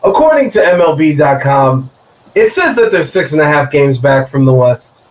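A man's voice: a little high, very animated, normal speed, echoey room, low-quality recording. A man on a sports podcast, chatting casually in a playful, teasing, jokey way. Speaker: podcast guest.

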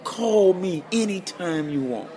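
A man with a somewhat high voice tells a story in a podcast interview. He acts out the people he quotes with lively voices. The chatter of a crowd can be heard behind him. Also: takes it slowly. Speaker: guest guitarist.

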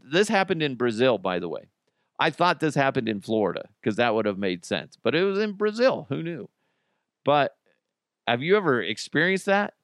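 A man's voice: medium pitch, a bit bright, no echo, clean studio sound. A middle-aged man hosting a casual solo podcast, talking bluntly with profanity and sarcastic asides. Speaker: podcast host.

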